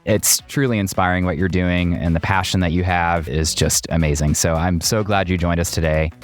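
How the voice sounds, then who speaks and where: A man's voice: low voice, steady tone, normal speed, soft background music. A man hosting a podcast interview who asks questions and praises his guest with enthusiasm. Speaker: podcast host.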